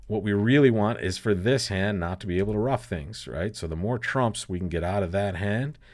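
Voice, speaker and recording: Low-voiced man teaching a card game. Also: normal speed, a little mellow, no room sound. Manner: chatty, thinks aloud, laughs often, calls listeners folks. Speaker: bridge teacher. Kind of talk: casual play-along bridge lesson commentary.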